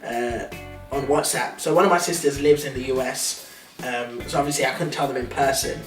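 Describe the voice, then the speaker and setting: A man's voice: medium pitch, steady tone, normal speed. Jokey man chiming in, echoey room. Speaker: vlog co-host. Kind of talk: casual chat. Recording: roomy, distant mic, music behind.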